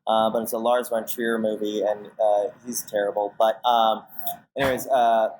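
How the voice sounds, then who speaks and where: A man's voice: fairly low pitch, level tone, moderate pace, a little mellow, poor audio. A man being interviewed as a guest on a podcast, talking casually and rambling with many fillers and restarts while acting out his own reactions. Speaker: podcast guest, casting director and manager.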